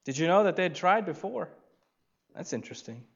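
A man, a pastor, preaching a sermon in an emphatic manner, drawing out key words with long pauses. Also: high-pitched, lively intonation, gravelly, breathy edge, muffled recording.

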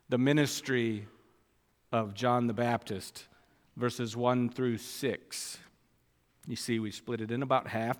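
A man preaching a sermon, speaking deliberately and rising with emphasis when he quotes scripture. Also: mid-range voice. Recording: long reverb of a church hall.

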